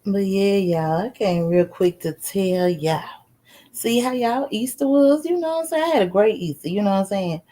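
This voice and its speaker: Animated woman telling a story to her chat. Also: mid-range voice, moderate pace. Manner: animated, swears freely, keeps asking the audience questions; laughs while talking. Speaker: live streamer. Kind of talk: casual storytelling to a live chat.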